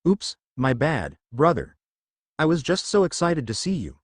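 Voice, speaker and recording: A bubbly, eager little girl bursting with energy, as a man reads her lines in a story. The pitch swings widely and the sound is dry and close. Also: huge pitch swings, a little slow, no echo, full character voice. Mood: excited. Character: excitable little girl, sister to the hero.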